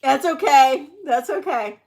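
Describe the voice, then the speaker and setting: A woman hosting a livestreamed vintage jewelry auction, chatting to viewers and gushing excitedly over the pieces. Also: high-pitched, a little slow. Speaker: host of a live jewelry sale. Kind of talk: live auction chat.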